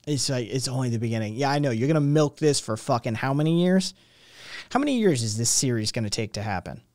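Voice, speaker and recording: A man's voice: a little high, darkish tone, no echo, clean studio sound. A young adult man hosting a stream, ranting casually with lots of swearing and rambling restarts. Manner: profane, rambling, exasperated. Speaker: stream host.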